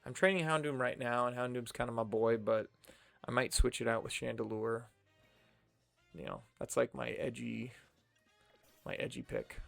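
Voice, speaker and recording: A man's voice: mid-range voice, fairly even intonation, moderate pace, vocal fry, long pauses, fairly bright tone, no echo. A man streaming a video game and chatting casually, with rambling, self-amused asides. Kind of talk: casual gameplay commentary. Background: faint game music.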